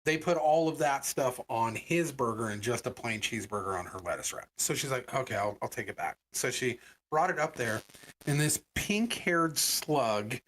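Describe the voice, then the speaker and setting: A man co-hosting a podcast, telling a story in casual chat and acting out the people he quotes. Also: normal speed. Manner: animated, voices quoted people with big pitch jumps. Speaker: podcast co-host.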